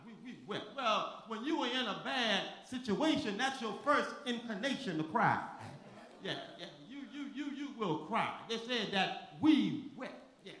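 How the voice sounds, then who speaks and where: High bright-voiced preacher, echoey church. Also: male voice, expressive, unhurried. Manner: stammering repetitions, rising into shouted chanted cadence. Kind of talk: sermon building to whooping climax. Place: church sanctuary with congregation.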